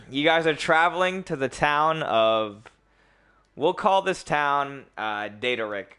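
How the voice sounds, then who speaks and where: A young man narrating as game master of a casual tabletop game, loose and rambling, often clearing his throat and laughing. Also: a little high, animated, slow, sharp tone.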